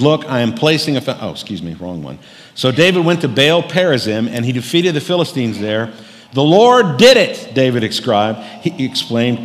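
Brief: middle-aged male pastor, folksy jokey sermon delivery, slightly high voice, long church reverb. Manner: folksy storytelling with jokes. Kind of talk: humorous sermon. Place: church sanctuary.

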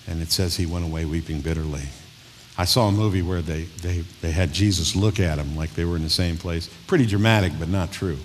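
A man's voice: low-pitched, fairly quick, a little hiss or hum. A male pastor preaching a folksy, joking, conversational sermon in a church hall. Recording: long hall reverb.

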